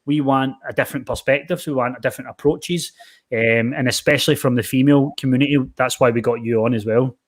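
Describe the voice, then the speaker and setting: A man's voice: mid-range voice, brisk. A Scottish man hosting a podcast, telling rambling stories in casual chat. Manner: rambling, animated storytelling with lots of fillers. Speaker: podcast host, personal trainer.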